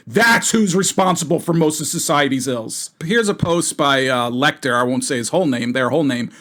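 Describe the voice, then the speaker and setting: A man's voice: fairly high pitch, expressive, normal speed, few pauses, a bit bright. A man giving an indignant, rambling gaming commentary full of fillers and restarts. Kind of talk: video commentary.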